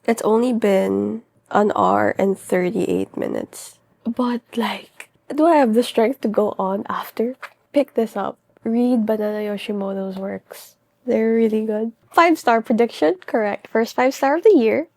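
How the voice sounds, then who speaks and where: Gushing young woman with a gravelly edge. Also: a little high, measured pace, darkish tone, dry recording. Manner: emotional, gushing, breathless reactions. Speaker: book vlogger. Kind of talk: casual reading vlog talk.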